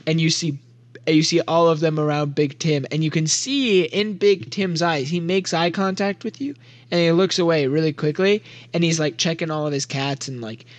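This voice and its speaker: A man's voice: a little high, steady tone, normal speed, dry recording. A young man narrating as game master of a tabletop role-playing game, giggly and rambling with lots of fillers. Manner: giggly, rambling with many likes.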